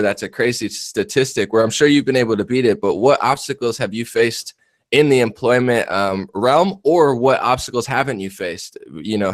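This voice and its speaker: A man's voice: medium pitch, no room sound. A man from New Jersey hosting an interview, talking in a laid-back, joking, slangy way. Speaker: podcast host. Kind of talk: casual interview chat. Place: West Coast of the US.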